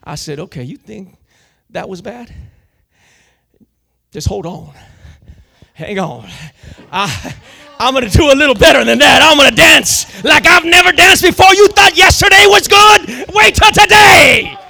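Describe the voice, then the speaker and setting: Preacher guy doing a king shouting back, defiant and happy, gravelly high voice. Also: expressive, takes it slowly, pauses often, heavily acted. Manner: shouting, taunting. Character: defiant joyous biblical king, male adult.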